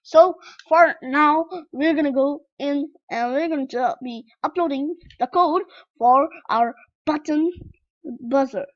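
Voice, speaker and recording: A young woman with a high voice gives a casual tutorial. She rambles and keeps correcting herself as she goes. The sound is dull and lo-fi, like a laptop mic. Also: slow pace. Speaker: tutorial vlogger.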